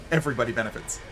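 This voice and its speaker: A man chatting casually on a live stream, laughing often and swearing casually, into a desk microphone. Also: mid-range voice.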